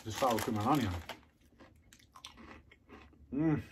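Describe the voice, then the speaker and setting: A man in a relaxed home taste-test video talks in an easy middle-pitched voice, pausing to chew and hum with approval. A steady hiss of noise sits under the whole recording. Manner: chatty, savoring, loud mm and oh yeah sounds while chewing. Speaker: food reviewer. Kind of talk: casual unboxing and taste review.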